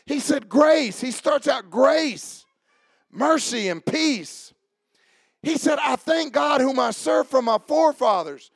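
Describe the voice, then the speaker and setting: Man, pastor, church sermon, preaching from quiet talk to shouting, dry close sound. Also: very high voice, expressive, slow pace, gravelly, dry recording. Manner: calls on church members by name.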